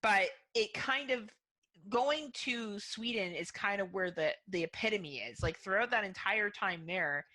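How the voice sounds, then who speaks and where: A woman's voice: mid-range voice, unhurried, bright, forceful tone. A woman co-hosting a podcast in casual chat, candid and swearing freely, thinking aloud with lots of "like"s. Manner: talkative, thinks aloud with many "like"s. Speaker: podcast co-host.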